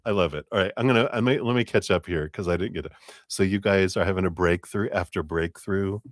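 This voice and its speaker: A man's voice: lowish voice, no room sound, clean studio sound. A man hosting a live tarot reading stream, bubbly and giggly, breaking into sing-song sounds. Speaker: tarot reader.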